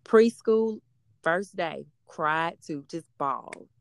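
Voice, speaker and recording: Heavy background noise surrounds a woman in her thirties talking slowly in a lowish, expressive voice. She's the mother of a middle-school daughter, and her casual talk rambles, thick with fillers.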